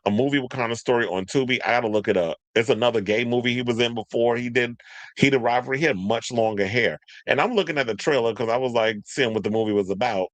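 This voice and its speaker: A man hosting a casual commentary show, talking in an animated way and mocking others through quick impressions. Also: medium pitch, no echo. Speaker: podcast host.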